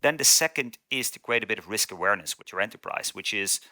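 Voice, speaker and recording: A man's voice: lowish voice, expressive, quick pace, sharp tone, no room sound. A man, a consulting partner, giving a business interview and laying out steps one by one. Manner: structured, lists steps methodically.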